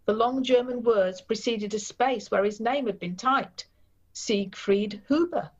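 Woman author reading her book then chatting, even tone, muffled recording. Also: a little high, measured pace. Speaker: novelist guest. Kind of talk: reading aloud then interview. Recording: dull lo-fi recording.

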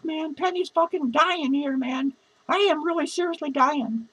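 A man's voice: extremely high pitch, bright, forceful tone, poor audio. A man playing a drunk, foul-mouthed lonely clown who rambles, slurs and giggles through a comedy monologue. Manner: slurred, rambling, swearing constantly, giggling. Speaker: comedy character performer.

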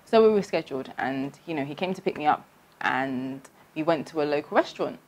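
A young woman from tells a personal storytime on her vlog. Her speaking voice sits on the lower side, but it leaps up high whenever she acts out what she thought back then. She talks in a chatty, animated way, straight to her viewers. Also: fairly quick. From London. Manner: animated storytelling, acting out her own past voice with big pitch jumps. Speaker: vlogger.

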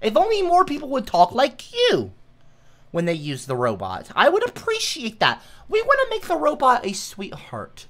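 Guy ranting at his stream chat, talks down like a teacher, super swingy pitch, sharp tone. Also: huge pitch swings. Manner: condescending mock-teacher scolding, swinging from shouts to slow hushed lecturing. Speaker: livestreamer. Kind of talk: ranting livestream talk.

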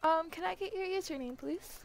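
High-voiced young woman hosting a livestream. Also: a little fast, creaky, soft background music. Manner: excitable, gasps and laughs, squeals when thanked. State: sore throat from screeching. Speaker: livestream host running giveaways. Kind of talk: casual livestream chat.

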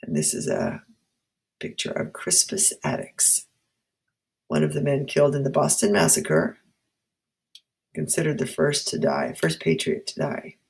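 A woman's voice: deep voice, sing-song, measured pace, long pauses, darkish tone. A female teacher reading a chapter book aloud for a class, stopping to quiz and explain. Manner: clear, explaining, quizzing.

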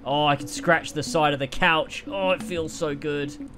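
A young man streaming a game, reacting excitedly, swearing and laughing often, and reading the game's dialogue aloud. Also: fairly high pitch, unhurried, soft background music. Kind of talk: gameplay reaction commentary.

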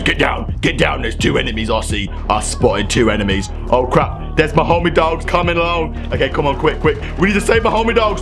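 A young man commentating his gameplay, excitable, often yelling, laughing and swearing. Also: on the high side, a little fast, hardly any pauses. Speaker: gaming commentator. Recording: game music behind the voice. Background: game music.

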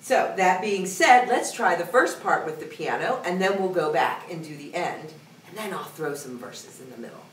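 A woman music teacher leading a singing lesson, singing short phrases and then coaching in a soft, brisk speaking voice. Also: fairly low pitch, expressive, a little hiss or hum. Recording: roomy sound from a distance, piano behind. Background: piano.

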